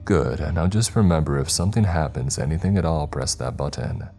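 A kind, joking doctor coaxes a young patient in a friendly tone, as a male narrator puts him on. The voice is extremely deep and dark, with soft music behind it. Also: animated, a little fast, gravelly, full character voice. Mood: coaxing.

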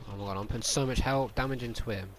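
A young man gaming with a friend, mostly grumbling, with sudden shouts of joy and lots of swearing. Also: medium pitch, very fast, slight background noise. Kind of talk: gaming banter.

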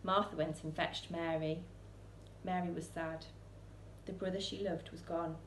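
A woman reading a children's picture book aloud in a church, expressive, with soaring questions and hushed lines. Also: on the low side, a little slow, roomy sound, slight background noise. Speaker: storyteller.

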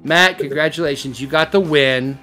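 A man's voice: on the high side, moderate pace, sharp tone, faint music behind. A man hosting a casual sports podcast, joking around and hamming up bits. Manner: jokey, playful, hammy bits. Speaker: podcast host.

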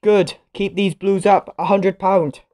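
A woman giving casual commentary while she plays a game show video game, reacting loudly to each result and getting easily annoyed. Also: medium pitch, fairly even intonation, measured pace, slight background noise.

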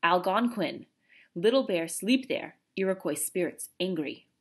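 A woman reading aloud, voicing a tiny, proud, stern warrior man who speaks in loud, clipped, broken phrases. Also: on the low side, lively intonation, a little slow, breathy edge.

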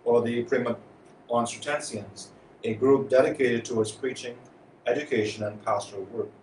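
A man, a priest, reading the Gospel and giving a homily at Mass with measured, steady delivery. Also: medium pitch, a little hiss or hum. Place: church. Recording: echoey church from far off.

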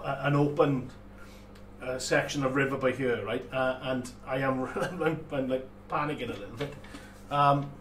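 A man's voice: medium pitch, a bit bright, recorded from a distance. Chatty man in an echoey workshop. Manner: chatty, laughing, with many restarts and fillers. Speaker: host of a live model-making stream. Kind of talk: casual livestream chat. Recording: echoey room, voice from off the mic, faint room noise.

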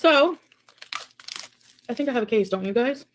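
A woman's voice: a little high, lively intonation, normal speed, slight background noise. Defiant woman talking to camera. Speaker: video creator being reacted to. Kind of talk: casual talk to camera.

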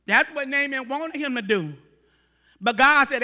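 Man preaching, very high voice, slow delivery, emphatic, long church hall reverb. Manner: emphatic, rhetorical questions, rising to shouts. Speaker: pastor. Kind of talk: sermon. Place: church sanctuary.

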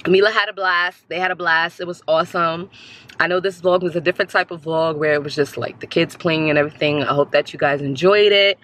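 A woman vlogging her family outing in a chatty, blunt, casual way, a little hoarse from screaming. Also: low voice, brisk, a little hiss or hum. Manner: chatty, blunt, excitable coaching. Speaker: vlogger, mother. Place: outdoor skating rink, then car. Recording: music playing behind. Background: loud music.

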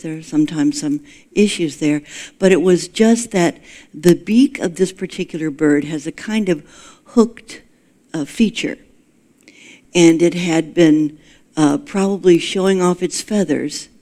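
A woman minister delivering a storytelling sermon in a conversational, folksy way, with gentle self-deprecating humor. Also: fairly low pitch.

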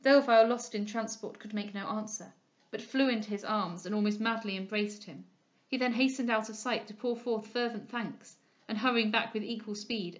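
A woman reading a classic novel aloud in a measured, expressive way. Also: medium pitch. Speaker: audiobook reader. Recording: dull lo-fi recording.

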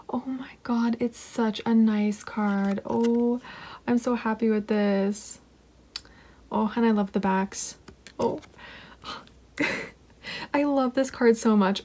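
A woman chatting casually at her desk while unboxing an album, excitable and giggly, often gushing and sometimes dropping to a whisper. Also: mid-range voice. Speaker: unboxing vlogger. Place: home desk.

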